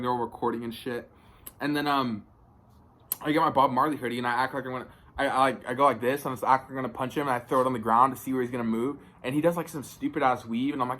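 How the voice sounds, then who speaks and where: A man's voice: medium pitch, fairly even intonation, brisk, a bit bright. A young man telling a story in a casual vlog, rambling, swearing often and filling with "like". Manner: rambling, profane, filler-heavy retelling. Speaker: vlogger.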